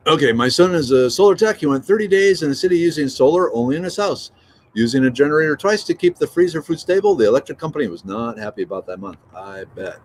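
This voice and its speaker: A middle-aged man hosts a casual morning livestream, joking and reading viewer notes aloud. His voice swings widely in pitch as he rambles along. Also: lively intonation, fast talker, a little mellow, a little hiss or hum. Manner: chatty, joking, reads out viewer comments. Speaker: livestream host.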